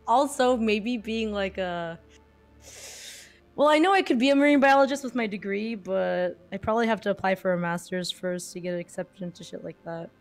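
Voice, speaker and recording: A young woman in her twenties with a sore throat, talking casually as a stream guest, chatty and giggly, full of fillers. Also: medium pitch. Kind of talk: casual chat.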